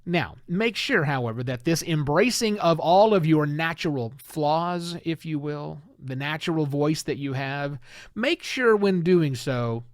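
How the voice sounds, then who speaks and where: A man hosting a solo podcast, talking in an animated, emphatic and conversational way. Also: on the high side, unhurried, no echo, studio quality. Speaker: podcast host.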